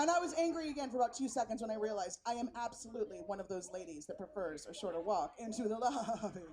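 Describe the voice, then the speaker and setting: A woman from San Francisco performs stand-up, brash and profane, storytelling with animation. Her voice sits high. She is on an outdoor festival stage, on a handheld mic. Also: fast talker, few pauses, a crowd in the background. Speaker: stand-up comedian. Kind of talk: stand-up set.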